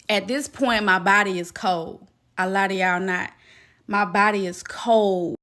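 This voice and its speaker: Slow, bright-voiced woman telling a story. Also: medium pitch, fairly even intonation. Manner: emphatic, talks straight to viewers, acts out quoted voices. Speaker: vlogger telling a personal story. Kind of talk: casual storytime.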